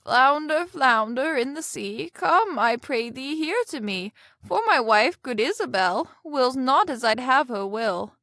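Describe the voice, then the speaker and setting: A woman's voice: high-pitched, expressive, a little slow, few pauses, a bit bright, no echo, studio quality, heavily acted. A woman narrator voicing a timid, meek fisherman who speaks hesitantly in a storybook reading. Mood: pleading. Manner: hesitant and reluctant.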